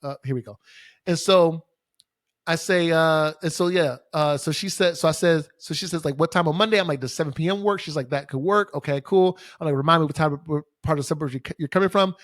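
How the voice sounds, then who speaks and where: Young man, somewhat high voice, casual swearing, dry close sound. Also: a little fast, dry recording. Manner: casual, profane, exasperated ranting with many fillers. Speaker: podcast host. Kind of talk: solo podcast storytelling. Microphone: studio microphone facing camera.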